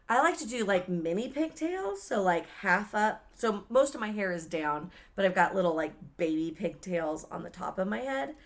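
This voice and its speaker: A woman co-hosting a podcast, telling a story in casual chat, animated and swearing, acting out quoted lines loudly. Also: mid-range voice, creaky. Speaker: podcast co-host.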